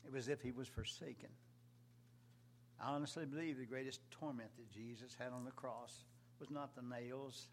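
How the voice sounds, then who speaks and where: Male preacher, mid-pitched, delivers a sermon with big loud swells and quiet drops over a faint hum. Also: fairly even intonation, normal speed.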